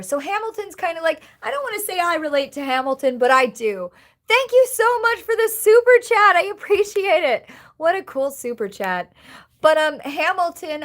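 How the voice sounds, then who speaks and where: A woman's voice: high-pitched, a bit bright. A young woman live streaming, chatting casually and rambling with lots of fillers and giggles as she thanks viewers.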